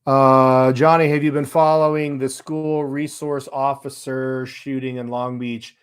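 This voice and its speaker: A man runs his own live stream, chatting casually and reading viewer comments aloud. His delivery is loose and sarcastic, and he breaks into laughter along the way. His voice sits at an ordinary middle pitch. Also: level tone, a little slow, smooth.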